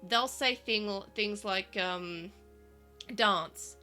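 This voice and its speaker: A chatty Australian woman with bright, forward tone and South Australian-tinged vowels. She rambles casually with lots of fillers and restarts, at an everyday middle pitch, with faint music playing underneath. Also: normal speed. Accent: Australian, South Australian vowels, living in Melbourne. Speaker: podcast co-host. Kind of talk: casual chat.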